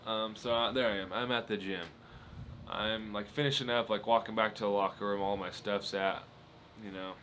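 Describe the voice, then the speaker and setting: A man's voice: lowish voice, steady tone, moderate pace, a bit bright, slight background noise. Rambling young man telling stories. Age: 20s. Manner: rambling, laughing, lots of fillers. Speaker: podcast host. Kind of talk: casual solo podcast storytelling.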